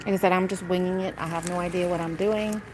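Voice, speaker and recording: A woman's voice: on the low side, steady tone, fast, background noise. A woman live-streaming casually from a craft store, musing aloud as she browses, chatty and easygoing. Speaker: vlogger. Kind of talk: casual live-stream chat while shopping.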